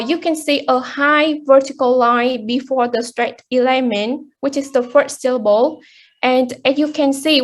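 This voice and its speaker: A young woman with a high voice gives a halting class presentation as a student presenter. She sounds hesitant, saying "um" a lot and often restarting her sentences.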